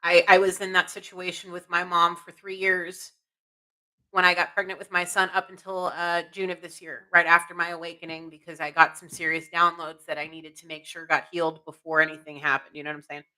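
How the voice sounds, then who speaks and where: A woman's voice: lowish voice, level tone, fairly quick, pushed and bright, slight background noise, poor audio. A woman around forty hosting a live spiritual reading, earnest and encouraging, repeating phrases and checking in with "okay?". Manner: emphatic, repeats phrases, many restarts. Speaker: intuitive reader and live-stream host. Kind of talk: live-stream spiritual reading, answering chat.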